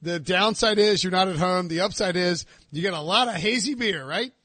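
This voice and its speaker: A high-voiced man hosts a casual sports podcast, chatting and joking with plenty of fillers. His voice sits close and dry on the mic, with no room sound around it. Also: normal speed, a bit bright, no room sound. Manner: chatty, jokey, lots of fillers and restarts. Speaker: podcast host. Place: southern US.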